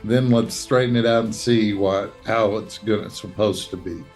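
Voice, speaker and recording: A man with a fairly low voice speaks bluntly and plainly in a casual group chat. Faint music plays behind him. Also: fairly even intonation, normal speed, darkish tone.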